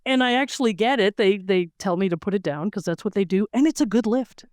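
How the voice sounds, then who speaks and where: A woman's voice: mid-range voice, fast talker, darkish tone, no room sound, studio quality. A middle-aged woman, an interview guest, telling stories casually and acting out quotes with animation. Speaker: interview guest, weightlifter and lawyer. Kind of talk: casual storytelling.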